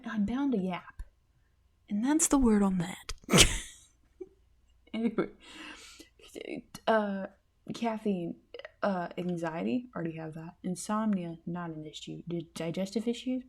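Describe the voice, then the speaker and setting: A woman hosting a casual solo podcast, rambling and giggly, often bursting with excitement. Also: fairly low pitch, slightly rough. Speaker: podcast host.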